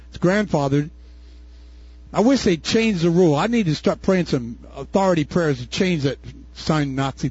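An older man preaching a sermon as pastor, impassioned and folksy, rising to shouts at his peaks. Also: high voice, breathy edge, no echo. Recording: dull dry recording.

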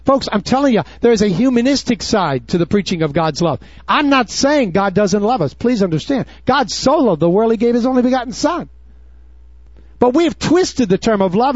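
A man's voice: sits high, darkish tone, no room sound. A man preaching a sermon in an emphatic, urgent way, with mocking asides. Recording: dull dry recording.

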